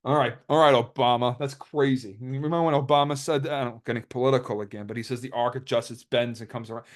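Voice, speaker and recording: A man's voice: medium pitch, steady tone, fast. Rambling young man commentating replays. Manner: rambling, joking, quotes others in put-on voices. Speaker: YouTuber narrating card game replays. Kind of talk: casual commentary over gameplay.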